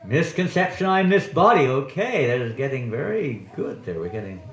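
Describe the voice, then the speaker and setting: Man, swami giving a class in a temple hall, lively up-and-down delivery, keeps quizzing the audience. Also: medium pitch, normal speed. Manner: chatty, joking, quizzes the audience. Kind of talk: sermon with audience questions. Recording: echoey hall.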